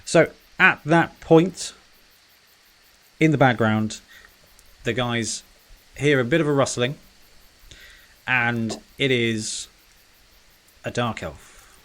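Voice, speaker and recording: A man runs a tabletop role-playing game, narrating scenes and prompting players in a casual, brisk way with plenty of fillers. His voice sits at an ordinary, mid pitch. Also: fairly bright tone. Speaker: game master.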